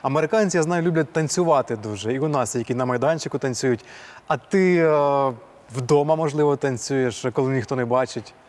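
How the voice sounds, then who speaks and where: A man's voice: mid-range voice, a little fast, darkish tone. A man hosting a sports interview, asking questions with hesitant fillers.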